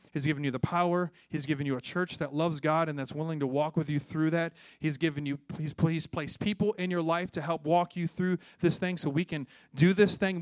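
A man, a pastor preaching a sermon with call-and-response, moving between loud exhortation and hushed tones. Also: on the high side, no room sound, clean studio sound. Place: church.

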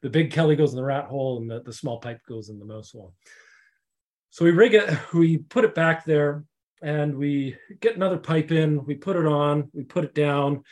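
A man's voice: mid-range voice, a little mellow. Earnest man telling a work story. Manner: earnest, with frequent restarts and fillers. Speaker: guest, safety consultant. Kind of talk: casual storytelling in a conversation.

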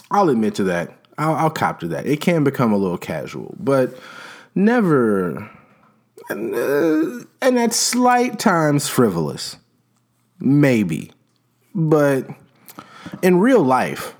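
A man's voice: medium pitch, a little mellow. A man hosting a casual comedic rant, rambling and profane, with lots of restarts and "you know what I'm saying".

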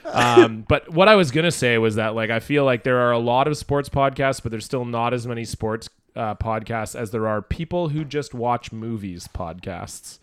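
A man in easygoing podcast banter who rambles through his points and leans on filler words. His voice sits at a mid pitch, recorded close and dry with no room sound. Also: moderate pace, a bit bright, smooth, dry recording. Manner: rambling, many "like" fillers, jokey. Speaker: podcast co-host. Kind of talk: casual chat.

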